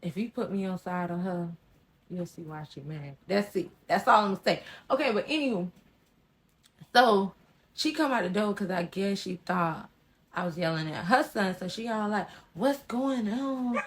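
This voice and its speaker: A woman telling a personal story in a casual vlog, blunt and sassy, swinging between loud emphatic bursts and hushed asides. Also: lowish voice, moderate pace. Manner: blunt and sassy with frequent slang.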